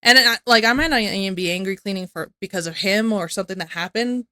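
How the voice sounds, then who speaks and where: A woman's voice: mid-range voice, fast, sharp tone, no room sound, clean studio sound. A young woman reacting to a video, talking casually in a rambling, exasperated way. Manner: rambling, exasperated, repeats herself. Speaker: reaction streamer.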